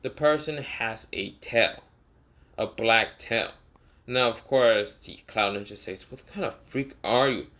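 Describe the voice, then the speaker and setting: A young man with a somewhat low voice tells a made-up story off the cuff. He rambles, stopping often to search for words and correct himself. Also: unhurried, fairly bright tone. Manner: rambling, frequent fillers and self-corrections. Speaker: fan storyteller. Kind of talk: casual improvised story narration.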